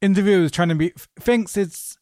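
A man hosting a podcast, telling anecdotes in an animated, casual way and swearing freely. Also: high-pitched, fairly quick, no echo, clean studio sound. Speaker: podcast host. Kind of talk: casual podcast conversation, storytelling.

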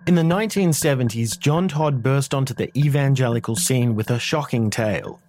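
A man reading a scripted podcast promo in a dramatic, measured storytelling way. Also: medium pitch, darkish tone. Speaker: promo announcer. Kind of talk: scripted podcast trailer narration.

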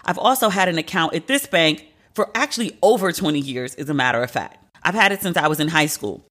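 A podcast host in their thirties, venting in a casual, animated and profane solo monologue. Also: mid-range voice, fairly quick.

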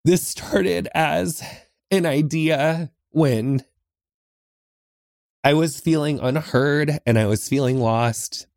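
A man's voice: a little high, slow, vocal fry, long pauses, a little mellow, no room sound, clean studio sound. A man hosting a podcast, talking alone in an earnest, reflective way from inside a small closet, often saying "like". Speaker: podcast host. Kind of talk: heartfelt solo podcast talk.

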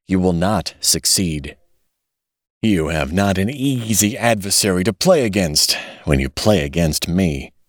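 A scheming gentleman villain speaks smoothly and politely, as a man reads him, in a very deep voice. Every word stays composed and measured, and the sound is dry and close. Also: animated, no echo. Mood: cold.

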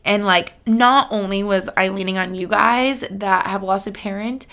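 Young woman, twenties, casual vlog talk, gravelly fry, earnest and chatty. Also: medium pitch, moderate pace, pushed and bright. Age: 20s. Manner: chatty, earnest, filler-heavy with frequent laughs. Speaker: vlogger.

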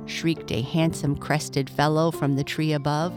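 Low, slow-reading woman storyteller. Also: flat delivery. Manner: gentle, measured. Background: faint music.

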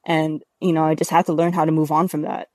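A woman's voice: deep voice, flat delivery, fast talker, a little mellow, no room sound, clean studio sound. Earnest woman, rambling interview guest. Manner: earnest, rambling with many fillers. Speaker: podcast guest, athlete. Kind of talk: casual interview talk.

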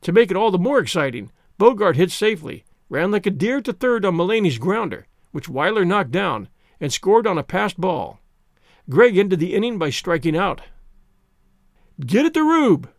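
With a high voice that ranges widely in pitch, this male audiobook narrator tells a first-person story expressively and with animation at a moderate pace. The sound is close and dry, with no room sound.

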